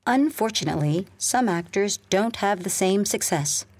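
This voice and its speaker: A woman reading a scripted English listening lesson in a clear, measured way. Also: medium pitch, lively intonation, darkish tone, dry recording. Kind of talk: scripted narration.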